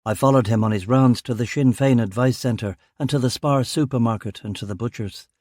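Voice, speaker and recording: A man narrating a crime thriller audiobook in a measured, grave delivery. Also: mid-range voice, darkish tone, no echo, clean studio sound.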